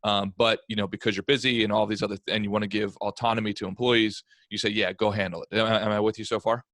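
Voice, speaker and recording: A man's voice: lowish voice, flat delivery, fast, a bit bright, no room sound. A man hosting a podcast, addressing listeners and paraphrasing his guest to check he understands. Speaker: podcast host. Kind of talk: casual podcast chat.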